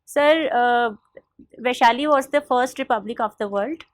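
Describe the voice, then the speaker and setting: A young woman from India answering a formal interview panel politely, often saying "sir" and pausing with fillers. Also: a little high, no echo. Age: young adult. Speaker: interview candidate.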